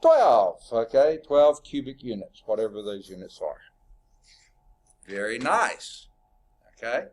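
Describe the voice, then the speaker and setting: A man's voice: mid-range voice, sing-song, slow, pauses often. A male math instructor lecturing a class, working problems aloud, quizzing students and chatting informally with asides.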